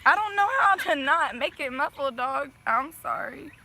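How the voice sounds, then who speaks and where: A woman's voice: sits high, animated, normal speed, pushed and bright, a little hiss or hum. A young woman vlogging casually outdoors into a phone, giggling often. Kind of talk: casual chat.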